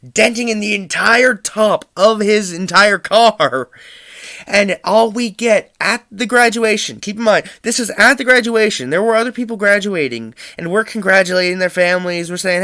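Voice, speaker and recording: A young man from Pennsylvania spins family anecdotes with animated energy and frequent chuckles. His voice sits high for a man and rings bright. The sound is close and dry. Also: no echo. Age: young adult. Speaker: student storyteller.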